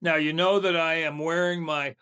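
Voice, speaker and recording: A man's voice: on the high side, fairly even intonation, moderate pace, bright, forceful tone, smooth. A man co-hosting a podcast in casual chat, laughing often and talking with his mouth full. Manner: chatty, laughs often, eats while talking. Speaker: podcast co-host.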